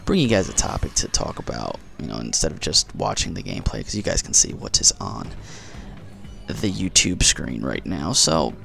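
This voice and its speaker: A man's voice: very deep voice, big pitch swings, normal speed, creaky, bright, forceful tone, soft background music. A man doing casual gameplay commentary in a just-woken morning voice, chatty and rambling with self-mocking jokes. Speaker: gaming commentator.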